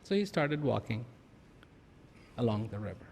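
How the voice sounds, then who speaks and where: A man telling a parable to an audience in a slow, deliberate way. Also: mid-range voice, big pitch swings, vocal fry, a little mellow, husky. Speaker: storyteller. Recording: long hall reverb.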